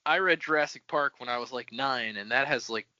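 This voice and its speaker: A man's voice: medium pitch, a little fast, sharp tone, dry recording. A man co-hosting a podcast, chatting in an upbeat, casual way. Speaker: podcast co-host. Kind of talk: casual chat. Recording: dry, dull lo-fi sound.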